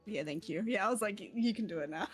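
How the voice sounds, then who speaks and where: A woman's voice: mid-range voice, lively intonation, fast talker, slightly rough, faint music behind. A young woman playing in a tabletop game, chatting casually, laughing often and swearing freely. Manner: giggly, rambling, swears freely. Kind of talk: casual streamed game chat.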